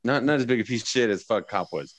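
A man's voice: mid-range voice, animated, fast, no room sound. A man in casual movie review chat, laid-back and profane, often restarting his sentences.

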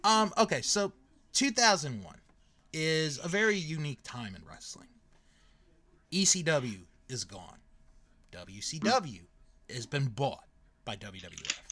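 On a relaxed podcast, the host, a man in his thirties, speaks slowly with a voice on the high side and pauses often. He spins stories energetically, scattering fillers and laughter throughout.

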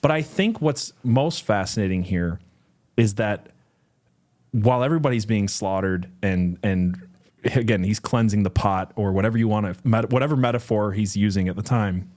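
Low-voiced man musing casually. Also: normal speed, darkish tone. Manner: thoughtful, rambling, with many fillers and restarts. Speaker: co-host of Bible study. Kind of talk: casual conversational commentary.

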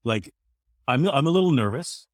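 A man in his thirties speaks earnestly as a podcast guest. His talk rambles and he often restarts sentences. His voice is mid-pitched and sounds dry and close, with no room sound. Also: expressive, moderate pace, a little mellow, no echo. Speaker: guest, former radio host. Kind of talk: casual conversation.

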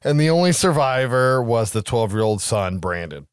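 A man co-hosting a podcast, recapping a horror film in a lively, profane, casual way. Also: medium pitch, moderate pace, clean tone, dry recording. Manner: animated, profane storytelling. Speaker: podcast co-host.

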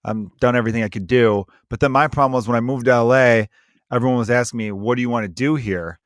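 A man's voice: mid-range voice, fast, no room sound. Blunt swearing man, dry sound. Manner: blunt, swearing, giving advice. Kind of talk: casual podcast chat.

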